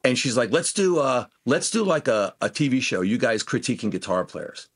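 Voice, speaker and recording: This husky-voiced, middle-aged man is a guest musician sharing road stories in a relaxed interview. Speaking at a moderate pace in a mid-range voice, he tells the anecdotes with energy and performs every line of dialogue.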